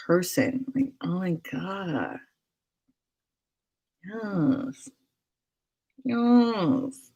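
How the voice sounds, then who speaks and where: Here the host's voice is low-pitched and dark, slightly rough, with vocal fry. The young woman keeps her livestream casual, responding to viewer comments, chatting, laughing, and whispering asides.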